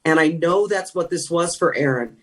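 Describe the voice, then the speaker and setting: A woman's voice: lowish voice, normal speed. A middle-aged woman from California, a former sideline reporter being interviewed, telling stories earnestly with frequent restarts. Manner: earnest storytelling, trailing restarts. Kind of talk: emotional reflective interview talk.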